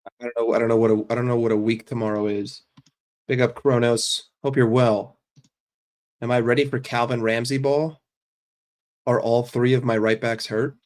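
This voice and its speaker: A man with a medium-pitched voice hosts a casual livestream. He reads chat messages aloud and responds in a blunt, sarcastic, swearing rant. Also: flat delivery, normal speed, darkish tone. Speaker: livestream host reading chat.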